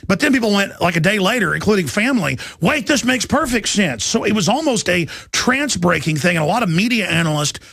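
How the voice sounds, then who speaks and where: A man's voice: high-pitched, expressive, fast, vocal fry, hardly any pauses, a bit bright, no room sound. A man hosting a talk show, ranting emphatically and repeating words as he builds his point. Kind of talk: heated talk radio chat.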